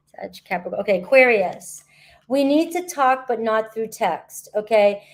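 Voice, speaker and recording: A woman talks viewers through a tarot reading from a spot at the beach. Her voice sits a little high and she keeps the flow loose and conversational. She often pauses to check in with her listeners. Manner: chatty, frequent "all right?" and "okay?" check-ins. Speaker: tarot reader. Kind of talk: casual tarot reading to camera. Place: outdoors at the beach.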